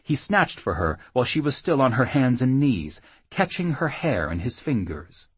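A man reading an audiobook in an expressive, steady storytelling manner, close on the mic. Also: mid-range voice, normal speed, breathy edge, dry recording. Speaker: audiobook narrator. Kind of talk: scripted narration.

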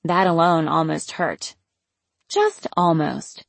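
A woman's voice: deep voice, slow, vocal fry, no room sound. A young woman narrating a novel in the first person, wry and casual, swearing now and then. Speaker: audiobook narrator.

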